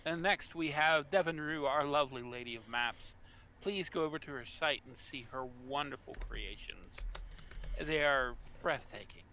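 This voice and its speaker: Upbeat male game master, bright tone, faint hiss behind him. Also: fairly high pitch, normal speed. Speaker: dungeon master. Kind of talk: casual live-stream game hosting.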